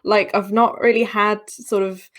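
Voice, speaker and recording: A woman's voice: mid-range voice, little pitch movement, measured pace, a bit bright. A woman guest in a casual podcast chat, rambling and self-deprecating with many restarts.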